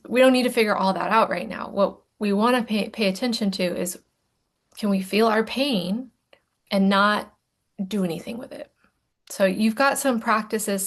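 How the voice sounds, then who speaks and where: This mid-range female voice belongs to a coach teaching a recorded lesson on emotions. Teasing herself in a playful way, she now and then drops to a hushed whisper to underline something.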